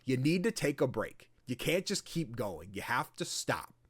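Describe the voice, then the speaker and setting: A man voicing a gentle, kind male tea shop keeper in a video game retelling, speaking softly and reassuringly. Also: medium pitch, big pitch swings, normal speed. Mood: soothing. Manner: soft, reassuring.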